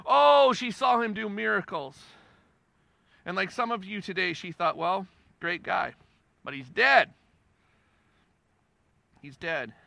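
A man preaching a sermon with a high, gravelly, piercingly bright voice. He talks to the congregation in a loose, emphatic way, repeating phrases and moving between hushed and loud passages. The sound is dry and close. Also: no echo. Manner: conversational and emphatic, repeating phrases for stress, with wide swings in loudness. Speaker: pastor.

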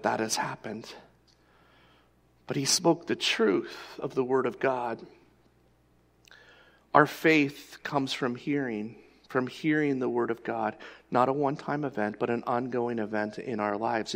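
Gravelly-voiced guy pastor telling a story in his sermon, middle pitch, chatty. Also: a bit bright, in a large hall.

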